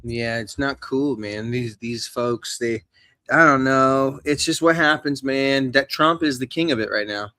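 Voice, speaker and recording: A man's voice: medium pitch, a little slow, bright, forceful tone, dry recording. Man, casual profane chat, joking, acts out quotes, mid voice, dry sound.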